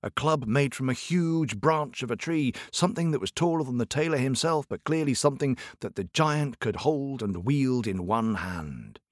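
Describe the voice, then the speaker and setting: A male storyteller spins a folk tale for children, playful and speaking straight to his young listeners. His voice swoops up and down with lively expression while the sound stays close and dry. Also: medium pitch, normal speed, few pauses, no echo.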